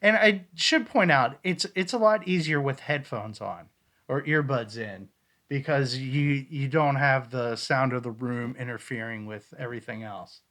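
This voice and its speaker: A man co-hosting a casual podcast, reviewing ghost-hunt recordings in a rambling way with excitable bursts. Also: medium pitch, unhurried. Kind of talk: casual chat.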